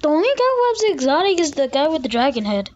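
A woman giving casual commentary over a video game, excitable and quick to repeat words in bursts. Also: high-pitched, highs cut off. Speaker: gamer. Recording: noisy home recording.

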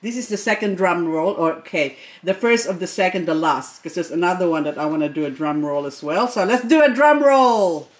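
Excitable middle-aged woman unboxing succulents, gushes a lot, chats to the plants. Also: fairly low pitch, normal speed, few pauses. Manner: gushing, excitable, talks to plants. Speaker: succulent vlogger. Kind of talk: casual unboxing chat.

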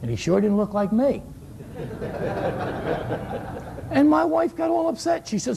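Gravelly, high-voiced man in his sixties. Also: big pitch swings, slow pace, long pauses, mellow, a little hiss or hum. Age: 60s. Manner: folksy storyteller, joking asides, repeats key words. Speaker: basketball shooting coach. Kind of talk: coaching clinic talk.

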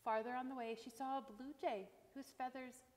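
A woman's voice: high voice, steady tone, moderate pace, big-room sound, slight background noise. Woman reading a children's story. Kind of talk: reading a picture book aloud.

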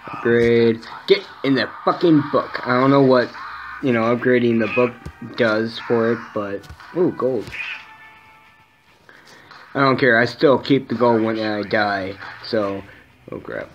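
A man giving casual, excitable commentary while playing a game, swearing often and talking back to the enemies. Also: medium pitch, unhurried. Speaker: gameplay commentator. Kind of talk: casual let's play commentary. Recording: dull lo-fi mic with faint game music.

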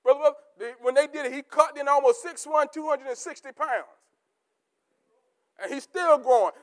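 A man preaching a sermon as pastor, repeating key words for emphasis and swinging between shouted peaks and low, quiet asides. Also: moderate pace. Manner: rising to shouts, then dropping to low asides.

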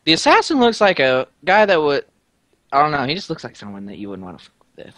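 Goofy, very high-voiced young man gaming. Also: wildly swooping pitch, fast talker, fairly bright tone, no echo, clean studio sound. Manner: goofy, meowing in character. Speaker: game player. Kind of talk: casual gaming chat.

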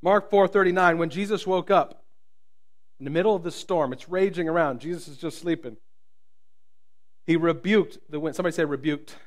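Pastor preaching with booming, hushed swings. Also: male voice, fairly quick, long pauses. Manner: jokes with the congregation. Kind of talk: sermon. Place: church.

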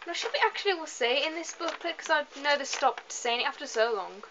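A woman's voice: high-pitched, lively intonation, fast, music in the background. A young woman, tired, chatting casually through a game video and joking at her own stumbles over hard words. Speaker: let's play host. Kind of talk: casual gameplay commentary. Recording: slightly dull lo-fi recording.

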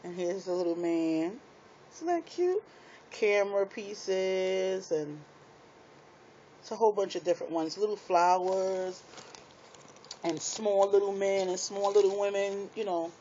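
A woman's voice: mid-range voice, a little slow, long pauses, a little hiss or hum. Chatty woman unboxing crafts. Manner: chatty, excitable, laughs at herself. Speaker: craft vlogger. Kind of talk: casual unboxing chat to viewers. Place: small apartment room. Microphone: tablet microphone. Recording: dull lo-fi tablet audio.

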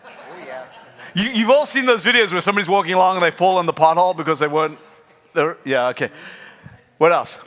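A man preaching a sermon to a congregation, retelling a Bible story with animated storytelling and acted-out voices. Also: high voice, fast, long pauses. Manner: animated storytelling, acting out biblical characters. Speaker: pastor. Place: large church hall. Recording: long hall reverb.

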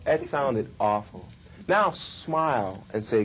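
A middle-aged man giving a workshop lecture on communication, with emphatic, drawn-out stresses. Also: medium pitch, animated, noisy background. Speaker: communication trainer.

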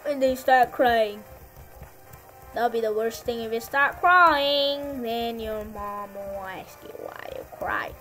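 A woman with a high, bright-pitched voice talks slowly through casual gameplay commentary. She rambles and repeats herself as she lectures her viewers. Faint game music plays underneath. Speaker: gaming channel host.

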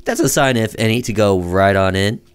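A man giving let's-play commentary on a horror game, with joking, deadpan sarcastic asides. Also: fairly low pitch, brisk, smooth, dry recording, faint music behind. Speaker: gaming video creator.

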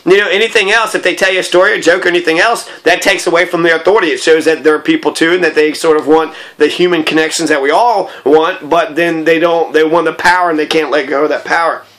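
A man's voice: on the high side, steady tone, fast, hardly any pauses, a bit bright. A man in an angry, profane, rambling personal monologue.

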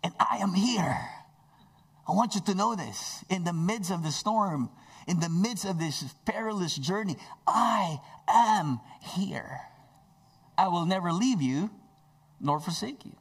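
A man voicing a calm, reassuring male savior, speaking softly and slowly. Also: on the high side, husky, exaggerated voice. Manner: soft, slow, assuring.

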